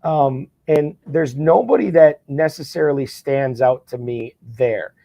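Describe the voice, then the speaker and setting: A man with a medium-pitched, gravelly, mellow voice speaks at a measured pace as a podcast guest and fantasy football champion. In casual chat, he eagerly makes his points with frequent stammered restarts, and the recording is dry.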